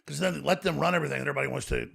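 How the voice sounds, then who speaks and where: Fast gravelly ranting man. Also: a little high, a bit bright. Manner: ranting, emphatic. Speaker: podcast guest. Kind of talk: casual podcast chat. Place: podcast studio.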